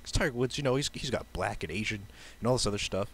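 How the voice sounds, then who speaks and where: A man's voice: fairly low pitch, fast, fairly bright tone, breathy edge, low-quality recording. A man putting on a crude rambling joker. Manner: crude, rambling, earnest then blunt. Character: brash foul-mouthed middle-aged man telling jokes.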